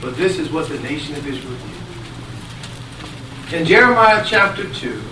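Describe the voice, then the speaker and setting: A man giving a sermon, telling a story with acted-out quotes and swinging between loud and hushed delivery. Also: a little high, expressive, moderate pace, recorded from a distance. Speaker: speaker giving a Bible talk. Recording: echoey hall, speaker away from mic, audible noise.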